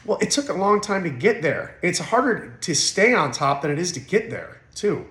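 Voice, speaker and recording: A man's voice: high-pitched, very animated, moderate pace, fairly bright tone. A man in his forties talking candidly as an interview guest, blunt and emotional, with profanity and frequent restarts. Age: 40s. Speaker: podcast guest. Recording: roomy echo.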